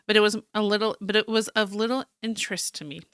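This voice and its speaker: A woman's voice: medium pitch, steady tone, fast, fairly bright tone, smooth, dry recording, clean studio sound, lightly acted. A woman voicing a stiff, proud male cartographer, reading his journal aloud in a formal, slightly fancy manner with small stumbles.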